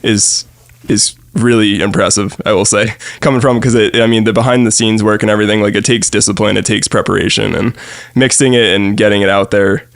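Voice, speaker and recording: A man's voice: lowish voice, a little fast, vocal fry, no room sound, studio quality. A young man from New chatting casually as a podcast guest, rambling with plenty of fillers and easy laughs. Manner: relaxed, rambling with many fillers and frequent laughs. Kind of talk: casual chat.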